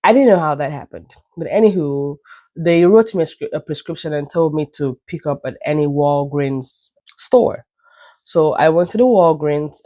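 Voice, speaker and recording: A Nigerian woman vlogger tells a chatty, meandering story at home, full of self-deprecating asides, her nose stuffy and an occasional cough breaking in. Her voice is low-pitched and mellow. The recording is dry with clean studio sound.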